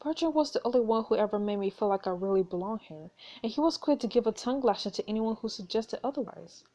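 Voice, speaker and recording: A woman's voice: mid-range voice, expressive, quick pace, warm tone, natural voice. A woman voicing a young noblewoman in a story game, confiding her worries about her fiancé in an earnest way. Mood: wistful.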